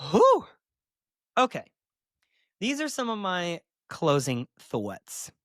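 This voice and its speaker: A man's voice: high voice, huge pitch swings, takes it slowly, long pauses, fairly bright tone, no echo, clean studio sound. A man hosting a solo podcast as a therapist, talking candidly and emphatically, with sassy asides.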